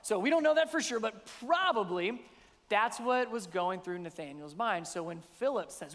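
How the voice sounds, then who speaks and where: High-voiced preacher in a hall. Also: male voice, expressive, normal speed, fairly bright tone. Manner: conversational, asks rhetorical questions. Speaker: pastor. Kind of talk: sermon.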